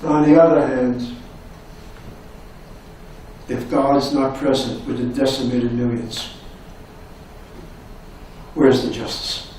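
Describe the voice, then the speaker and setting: A man's voice: mid-range voice, a little mellow, far from the mic, slight background noise. Impassioned man lecturing in an echoey hall. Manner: dramatic, impassioned delivery with many rhetorical questions; voice sinks to near-whispers at emotional moments. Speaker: professor giving a lecture. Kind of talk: public lecture. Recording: echoey hall recorded from afar.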